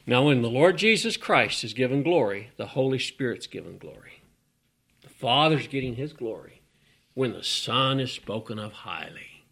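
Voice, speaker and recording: A man's voice: medium pitch, animated, normal speed, gravelly, fairly bright tone, breathy edge. A man preaching a folksy, emphatic sermon, with sudden rising bursts.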